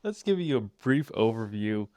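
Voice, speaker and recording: A man co-hosting a podcast in casual chat, explaining things hesitantly with many pauses and fillers. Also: on the low side, sing-song, mellow, no echo, clean studio sound. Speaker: podcast co-host.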